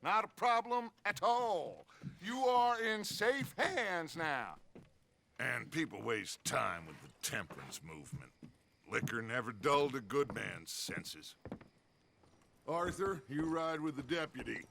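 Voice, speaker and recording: An actor playing a silver-tongued outlaw gang leader in a western game, speaking grandly. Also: male voice, a little high, big pitch swings, slow pace, creaky, sharp tone, slight background noise, exaggerated voice. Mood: ingratiating. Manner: grandiose, theatrical.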